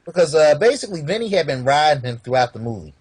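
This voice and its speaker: A man's voice: a little high, very animated, fast, a little mellow. A man co-hosting a casual movie review podcast, bantering in an easygoing, chuckling way. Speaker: podcast co-host.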